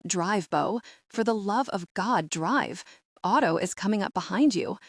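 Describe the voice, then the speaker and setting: A woman's voice: mid-range voice, animated, measured pace, no echo, studio quality. A woman voicing a commanding British male assassin. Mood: urgent. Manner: barks orders.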